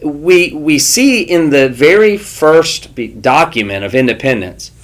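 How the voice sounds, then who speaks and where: A man's voice: fairly high pitch, animated, measured pace, fairly bright tone. A man co-hosting a casual history podcast, chatty and playful, thinking aloud as he talks. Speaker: podcast co-host.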